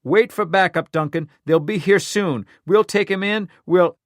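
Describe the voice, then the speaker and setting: A man voicing a tense, desperate woman police detective who shouts and pleads. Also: high voice, measured pace, no room sound, studio quality, voice pushed up. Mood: alarmed.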